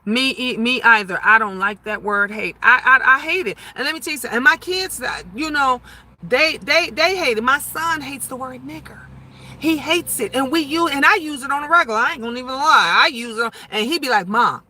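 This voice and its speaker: Loud fifty-something lady on a livestream, super bright sharp voice, talks big and gets louder when worked up. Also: high voice, fairly quick. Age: 50s. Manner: loud, emphatic talker who gets louder when emotional. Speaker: livestream host reading viewer comments. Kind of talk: casual livestream chat.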